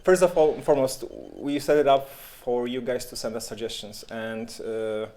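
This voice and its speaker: A man's voice: medium pitch, fairly even intonation, normal speed, warm tone. A man with a Polish accent chatting casually and jokingly on a live stream, tripping over and repeating words now and then. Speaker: game developer streamer. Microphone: handheld microphone.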